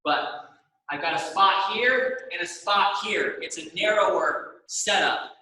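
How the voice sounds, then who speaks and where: A man's voice: high-pitched, slow, sharp tone. A young man teaching an exercise class, guiding stretches with countdowns and frequent "all right?" check-ins in a studio room. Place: dance studio room, indoors. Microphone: camera in the room, turning away at times. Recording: echoey room.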